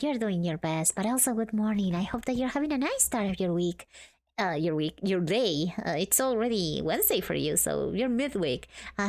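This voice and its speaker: A young woman streaming a game, chatting casually and greeting her viewers warmly. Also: medium pitch. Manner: bubbly, greets chat warmly. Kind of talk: casual chat while gaming.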